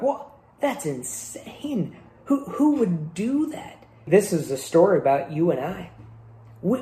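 A man's voice: fairly high pitch, mellow. A male pastor preaching a sermon in a conversational way, with rhetorical questions, in a church hall. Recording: echoey room.

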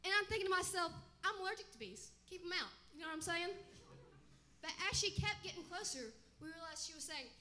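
A woman playing an excitable male fisherman disciple in a comic church skit, rambling and eager, bursting into shouts. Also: very high voice, brisk, full character voice. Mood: storytelling.

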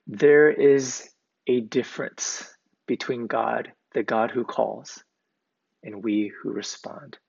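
Male pastor, measured sermon delivery with a gravelly edge; muffled, lo-fi sound. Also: mid-range voice, darkish tone. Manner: deliberate, emphatic repetition of key words. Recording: dull, lo-fi recording.

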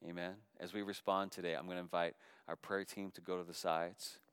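A middle-aged man preaches a sermon in a low, smooth, resonant voice. He rises to loud, fervent calls and then drops to soft, hushed appeals. The sound is dry and close, with no room echo. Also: level tone, brisk. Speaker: pastor.

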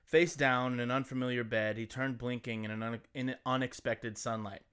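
Man, podcast co-host, playful and crude, mid-pitched voice, casual delivery. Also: fairly even intonation, moderate pace, fairly bright tone, clean tone. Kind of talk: reading a scary story and casual banter.

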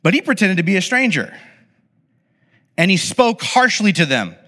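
Bright-voiced man preaching a sermon. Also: high voice, normal speed. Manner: conversational, animated, many asides. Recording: long hall reverb.

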